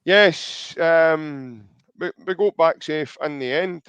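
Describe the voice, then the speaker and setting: A man's voice: on the high side, slow, a bit bright, clear, resonant tone, no room sound. A man with a Scottish accent hosting a podcast in casual chat, reading out viewer comments and calling his co-host mate. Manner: chatty, calls co-host mate.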